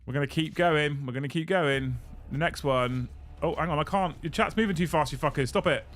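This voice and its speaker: A young British man hosting a live stream, excitable and swearing casually as he runs giveaways. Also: a little high, a little fast, soft background music. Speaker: livestream host.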